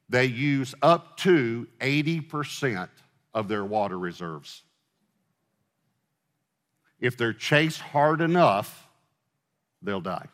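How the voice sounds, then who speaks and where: A man's voice: medium pitch, a bit bright. A middle-aged man preaching a sermon as pastor, in a casual conversational way, asking the congregation questions and joking with them. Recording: long hall reverb.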